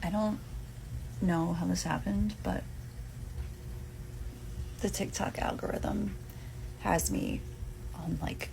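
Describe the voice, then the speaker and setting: A woman chatting casually in a vlog, her fairly low voice slow and gravelly. Clear background noise runs under her words. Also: fairly even intonation.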